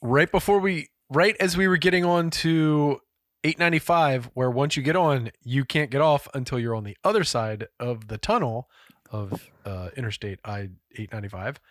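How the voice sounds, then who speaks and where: A man co-hosting a podcast, telling a story in a casual, profane and animated way. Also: mid-range voice, normal speed, dry recording, studio quality. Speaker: podcast co-host. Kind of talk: casual chat.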